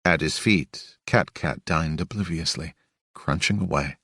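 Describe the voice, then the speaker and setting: Slow, very deep male audiobook narrator. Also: breathy edge, no echo, studio quality. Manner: steady, unhurried storytelling.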